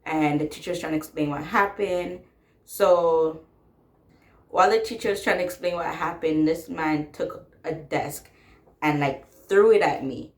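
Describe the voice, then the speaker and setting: A woman's voice: deep voice, unhurried, reverberant. A young woman casually telling a personal story, blunt and sassy, swearing freely and laughing as she talks.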